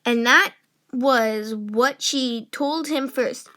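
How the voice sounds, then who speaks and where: Slow, high-voiced woman reading a storybook. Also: a little hiss or hum. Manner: slow, gentle and expressive, voicing characters. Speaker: children's book reader. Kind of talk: read-aloud storybook narration.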